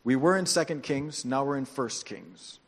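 Animated preacher in a reverberant hall. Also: male voice, mid-range voice, normal speed. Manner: animated storytelling with joking asides. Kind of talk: sermon.

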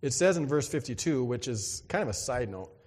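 Lively man preaching in a reverberant hall. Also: mid-range voice, brisk. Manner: lively, conversational, acts out voices and exclamations. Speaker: pastor. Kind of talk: sermon.

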